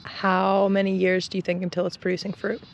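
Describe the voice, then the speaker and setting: Eager friend chatting outside, laughs a lot, mid-pitch voice. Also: monotone, fairly quick, vocal fry, muffled recording, a little hiss or hum. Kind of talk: casual chat. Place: outdoors.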